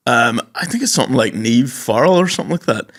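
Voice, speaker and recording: An Irish man in his twenties or so, chatting casually as a podcast co-host. He tells stories with real energy and keeps breaking into playful high voices to quote people, and his voice sits at a middling pitch. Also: quick pace. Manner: animated storyteller, does high mock voices when quoting. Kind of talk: casual chat.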